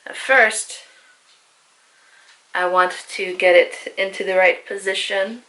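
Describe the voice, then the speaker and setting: Young woman, beauty vlogger; bright, chatty, self-deprecating, casual tutorial read. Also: medium pitch, fairly even intonation, takes it slowly. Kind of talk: casual makeup tutorial voice-over.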